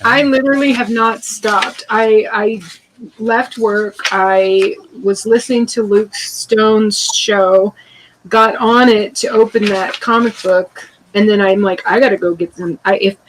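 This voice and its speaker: A woman chatting casually as a guest on a live stream, jokey and quick to laugh. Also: mid-range voice, steady tone, a little hiss or hum, low-quality recording. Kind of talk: casual chat.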